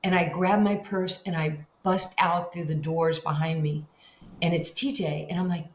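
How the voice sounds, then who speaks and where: Animated older New woman, echoey room. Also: unhurried. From Far Rockaway, Queens, New York. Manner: animated, acts out quoted dialogue with big jumps in pitch. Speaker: guest, basketball Hall of Famer. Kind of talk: storytelling in a podcast interview. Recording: echoey room with faint ambient noise.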